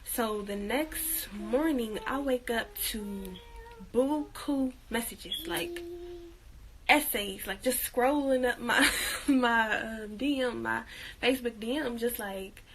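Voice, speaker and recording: Young female vlogger, casual and chatty, lots of fillers, higher pitch, phone mic at home with faint ambience. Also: takes it slowly, noisy background. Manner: chatty, laughs often, many fillers. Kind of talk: casual chat.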